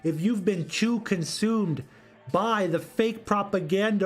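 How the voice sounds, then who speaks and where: A man with a high voice holds forth alone on a livestream, arguing with comments from chat. He rambles and circles back, repeating the same phrase twice or three times, with faint music playing behind him. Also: unhurried. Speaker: political commentary host.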